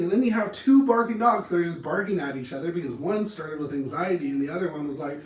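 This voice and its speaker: A man giving an animated talk as an anger management coach, acting out arguments as he goes. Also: a little high, fast talker, recorded from a distance. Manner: animated, acts out arguments in different voices. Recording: roomy echo, speaker off-mic.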